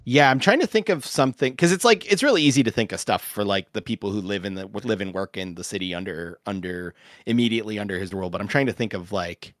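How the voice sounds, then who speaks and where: A man's voice: on the low side, quick pace, few pauses, no echo, studio quality. A man in a casual tabletop game chat, thinking aloud in a loose way and often breaking into laughs between ideas. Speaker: co-host and game runner.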